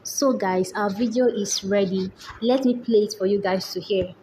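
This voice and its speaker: A woman, hosting a screen-recorded software tutorial and often checking in with rhetorical questions. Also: medium pitch, fairly even intonation, normal speed, slight background noise, poor audio. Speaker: tutorial host. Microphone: voice-over on screen recording.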